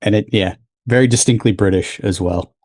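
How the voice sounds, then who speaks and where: Casual chat podcast co-host: a man with a lowish, dry voice who swears freely and teases. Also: a little fast, darkish tone, dry recording. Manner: swears freely, teasing, laughs often.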